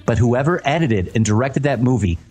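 A man's voice: medium pitch, animated, brisk, darkish tone, husky. Man, podcast host, casual chat, profane rant, faint music behind. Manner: profane, ranting, reads reviews aloud.

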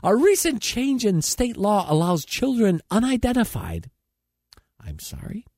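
A man's voice: sits high, sing-song, normal speed, darkish tone, no room sound, studio quality. A man reading joke news stories in a mock-serious way, often breaking into laughter. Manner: laughs through his own lines, mock-serious. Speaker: comic news reader.

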